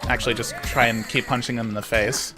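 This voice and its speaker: A man commenting on his own live speedrun with relaxed, dry asides while he plays. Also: medium pitch, fast talker, music in the background.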